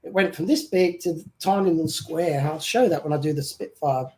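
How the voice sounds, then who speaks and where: A man's voice: fairly high pitch, brisk, mellow, low-quality recording. Joking British man chatting on a live stream. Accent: British with some Australian. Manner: joking, reads viewer comments aloud. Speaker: co-host of a live chat. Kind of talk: casual live-stream chat.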